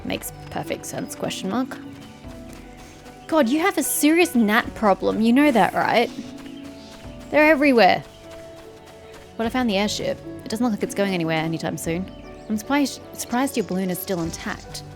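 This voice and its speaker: A woman's voice: medium pitch, expressive, normal speed. A woman gamer with a sore throat, giving sarcastic, chatty commentary while she plays. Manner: sarcastic, chatty, teasing characters. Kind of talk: let's-play commentary. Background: faint game music.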